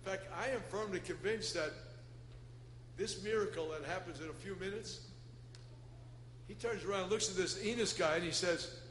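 A man preaching a Pentecostal sermon in a folksy way, swinging between loud shouting and soft asides. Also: high-pitched, moderate pace, pauses often, slight background noise. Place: church. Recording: echoey church hall with ambience.

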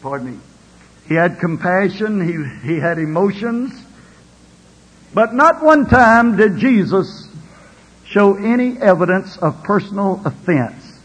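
Older man preaching, high husky voice, long echo in a church hall, keeps saying amen. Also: lively intonation, slow pace. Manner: preacher's rising and falling delivery, calling out "Amen". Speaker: pastor. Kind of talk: sermon.

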